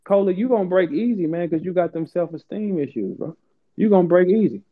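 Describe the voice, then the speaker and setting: A man hosting a heated live audio chat, profane, taunting and boastful, swinging from low mutters to high outbursts. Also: lively intonation, a little fast. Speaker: host of an online audio room. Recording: tinny phone-line audio.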